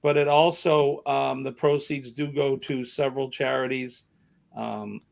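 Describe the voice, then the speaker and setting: Southern US man, live-stream host, gravelly voice, chatty and rambling. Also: mid-range voice, fairly even intonation, measured pace. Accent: American Southern. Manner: rambling, chatty, many fillers. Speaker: livestream host. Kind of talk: casual live-stream chat.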